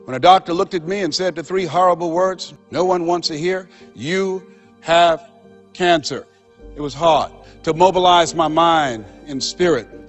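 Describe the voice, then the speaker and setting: An older man giving a motivational speech, telling stories in an emphatic, rhythmic way that drops to a quiet confessional tone. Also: on the high side, highs cut off. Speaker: motivational speaker.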